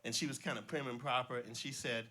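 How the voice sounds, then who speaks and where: A middle-aged man from the Cincinnati area doing his first stand-up set, telling joke stories in a relaxed way with small slips and restarts. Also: medium pitch, fast talker. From Cincinnati area, Ohio. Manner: relaxed storytelling, slips and restarts, voices jokes' characters lightly. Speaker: stand-up comedian, schoolteacher. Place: small club stage before a live audience.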